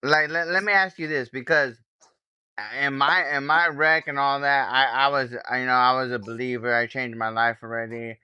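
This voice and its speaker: Bright, clear-voiced male podcast host. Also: medium pitch, fairly even intonation, normal speed, no room sound, muffled recording. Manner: warmly affirming, says "man" and "bro". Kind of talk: casual interview.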